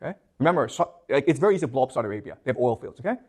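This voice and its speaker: A man lectures a class at a rapid-fire clip, his mid-range voice full of lively intonation. He poses questions to students and keeps checking in with "okay? you understand?"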